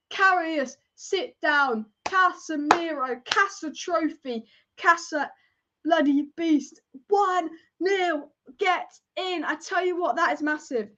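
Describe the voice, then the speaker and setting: A young woman hosting a live football watch-along, excitable and casual, chanting and swearing as she reacts. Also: sits high, slight background noise. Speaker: football fan livestream host. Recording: dull lo-fi stream audio.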